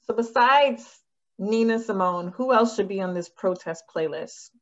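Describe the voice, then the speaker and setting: A woman's voice: mid-range voice, a little slow, lo-fi sound. A woman interviewing a guest, thinking aloud and restarting her questions as she goes.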